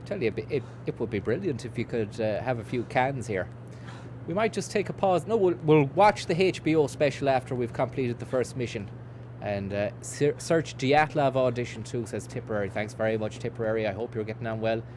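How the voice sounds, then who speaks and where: A man streams a game and rambles on in a loose, sweary patter, reading out chat as he goes. His voice sits at an ordinary middle pitch, with a faint low hum under the recording. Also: a little fast, a little mellow. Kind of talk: casual let's-play commentary.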